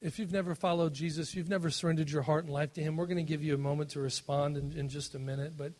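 A man's voice: fairly high pitch, steady tone, quick pace, a little mellow. A middle-aged man preaching a sermon as a pastor, impassioned, rising on scripture quotes, with fillers and restarts.

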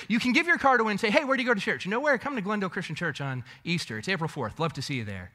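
A man preaching a sermon as pastor, telling a story with animated swings between loud bursts and hushed asides. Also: sits high, racing, few pauses. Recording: echoey hall reverb.

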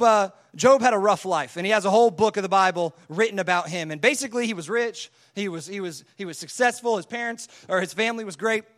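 Young male preacher, high-pitched, casual and punchy delivery. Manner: energetic, casual, acts out voices of God and people. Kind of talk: sermon.

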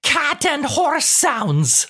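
A woman's voice: sits high, very animated, drawn-out words, fairly bright tone, heavily acted. A woman playing a sarcastic, teasing wife in a scripted comedy sketch, tossing off dry, mocking put-downs. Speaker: co-host of a comedy show.

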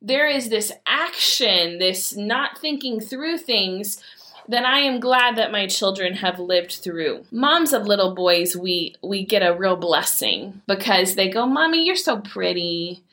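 A woman, telling heartfelt family stories in an earnest, animated way as a mother. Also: medium pitch, slow pace. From Michigan, USA. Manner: earnest, heartfelt, animated retelling with quoted dialogue. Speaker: mother sharing a personal story. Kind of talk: personal storytelling talk.

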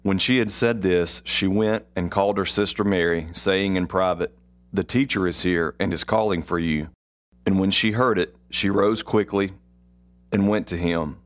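A man hosting a devotional podcast, reading Bible passages and commenting, slow and deliberate, repeating key phrases for emphasis. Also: low voice. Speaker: podcast host.

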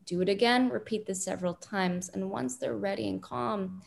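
A woman parenting expert calmly explaining advice in an interview, with many fillers. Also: mid-range voice, vocal fry. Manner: calm, deliberate, frequent fillers.

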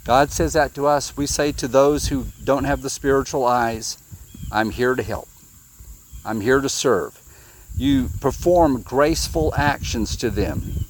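A man's voice: medium pitch, measured pace, slight background noise. Plain-spoken man preaching casually. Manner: plain, informal retelling with restarts and quoted dialogue. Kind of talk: conversational sermon.

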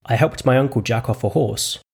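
A cheerful, simple-minded young woman, voiced by a man reading the story. She chirps along in a lilting, raised voice that keeps a gravelly, husky grain underneath. It suits a storybook reading. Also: medium pitch, a little fast. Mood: matter-of-fact.

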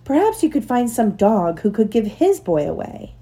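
Gentle, soothing mother dog in a picture book, read by a woman, mellow. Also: on the high side, big pitch swings, normal speed, husky.

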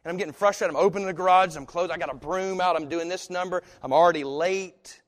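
A man preaching a sermon as pastor, swinging from hushed, slow phrases to loud, emphatic ones. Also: sits high. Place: church sanctuary. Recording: long hall reverb.

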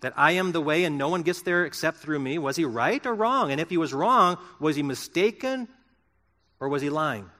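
A man's voice: fairly high pitch, lively intonation, normal speed, bright, forceful tone, big-room sound. A middle-aged male pastor preaching a sermon in an earnest, conversational way, asking his listeners rhetorical questions.

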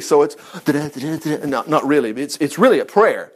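A man's voice: fairly high pitch, a little fast. A man leading an informal Bible study, folksy and chuckling as he talks. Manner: folksy, animated, chuckles often. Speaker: Bible teacher.

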